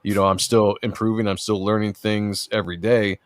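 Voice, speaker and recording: Rambling low-voiced man, dry sound. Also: level tone, a little fast, dry recording. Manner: rambling, earnest, lots of fillers. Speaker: comic book artist guest. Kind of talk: casual podcast conversation.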